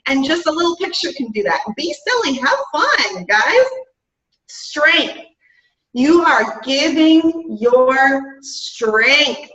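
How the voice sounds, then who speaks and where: A woman's voice: sits high, bright, forceful tone. A woman giving an upbeat, chatty motivational talk to her business team, often saying "guys" and "right?". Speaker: fitness business coach. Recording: roomy, distant, dull-sounding mic.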